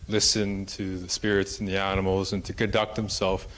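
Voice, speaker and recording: A man with a fairly low voice tells a traditional story at a conference, rambling casually and dotting his speech with fillers. His delivery is relaxed and conversational. A faint hiss sits under the recording. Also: normal speed. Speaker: presenter and storyteller. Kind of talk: oral storytelling in a conference talk. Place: conference hall.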